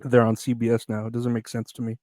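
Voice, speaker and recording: A man's voice: mid-range voice, completely flat delivery, fast, a little mellow, no echo. A man hosting a solo comedy podcast, riffing on news headlines in a sardonic, profane, rambling way with many restarts. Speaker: podcast host.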